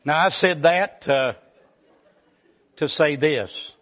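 A man's voice: a little high, slow, a bit bright. A man, a pastor telling a folksy mountain story in a sermon. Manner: folksy, rambling storyteller with many fillers.

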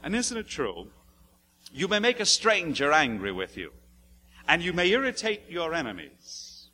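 A man preaching a sermon, moving between hushed, low passages and loud, emphatic ones as he tells a story from his youth. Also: wildly swooping pitch, moderate pace, slight background noise. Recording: echoey hall with long reverb.

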